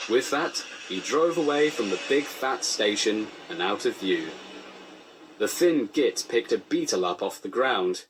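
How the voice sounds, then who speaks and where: A man narrates a comic parody story in a dry, deadpan way. His voice is husky, and his pitch moves lively through each line. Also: a little slow.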